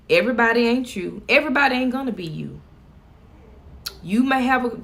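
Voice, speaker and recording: A woman's voice: mid-range voice, gravelly. A middle-aged woman vlogging from home, chatting casually and laughing as she talks to her viewers.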